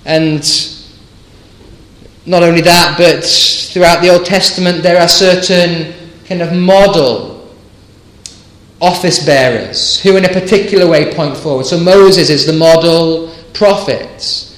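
A man's voice: a little high, a bit bright, reverberant, rough recording. A man preaching a sermon, emphatic and fervent, often asking rhetorical questions of his listeners. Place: church.

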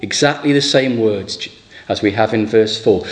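A man's voice: on the low side, normal speed. Emphatic man preaching a sermon. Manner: emphatic, rhetorical questions, quoting scripture dramatically.

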